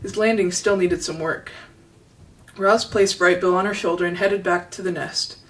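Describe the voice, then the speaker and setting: A woman reads a children's chapter book aloud in a steady, gentle storytelling voice. She sits a little back from the microphone, so the sound has some distance. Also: lowish voice, moderate pace. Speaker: storybook reader. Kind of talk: reading a children's novel aloud.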